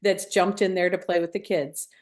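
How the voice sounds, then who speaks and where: A woman, a fair manager, talking in a friendly, relaxed way with many fillers. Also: lowish voice, normal speed. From Iowa. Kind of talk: casual interview chat.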